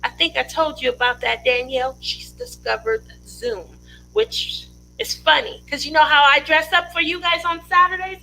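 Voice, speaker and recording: A woman's voice: high voice, moderate pace, vocal fry, bright, forceful tone, a little hiss or hum, low-quality recording. A woman hosting a casual craft livestream from her home studio, chatty and rambling, laughing often.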